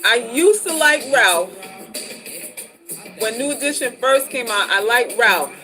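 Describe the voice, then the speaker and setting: A middle-aged woman chatting casually on a livestream from home, animated and slangy as she reads viewer comments aloud. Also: fairly high pitch, a little slow, faint music behind. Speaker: livestream host.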